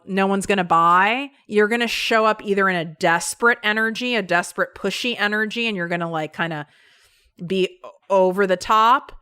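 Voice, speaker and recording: A woman's voice: on the low side, bright, forceful tone, clean tone, no echo. A woman hosting a solo business-coaching podcast, talking emphatically and bluntly in a casual way, with some swearing. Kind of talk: solo motivational podcast talk.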